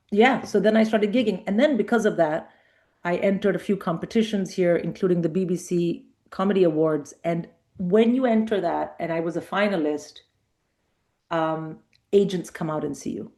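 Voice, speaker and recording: A middle-aged woman comedian chatting as a guest in a casual interview, telling lively anecdotes and acting out quoted dialogue. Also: fairly low pitch, moderate pace.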